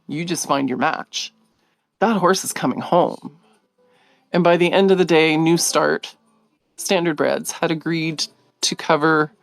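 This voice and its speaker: A middle-aged woman hosting a live video, telling a story in a casual, animated way, laughing often and acting out what others said. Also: sits low, no room sound. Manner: animated, laughing, acts out quoted voices.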